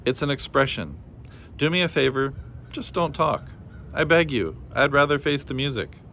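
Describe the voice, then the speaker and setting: A man's voice: mid-range voice, animated, normal speed, bright, forceful tone, slight background noise, voice pushed up. A man reading a storybook aloud, voicing a grumpy, short-tempered male ant. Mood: exasperated. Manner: gruff, exasperated, barking.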